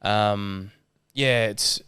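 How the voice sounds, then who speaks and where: Man, Australian accent, 30s, lowish voice, smooth and clear, dry close mic, relaxed podcast storyteller, swears a lot. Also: extremely slow, no echo. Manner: relaxed storyteller, swears freely, acts out quotes. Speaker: guest sailor. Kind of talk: casual podcast chat.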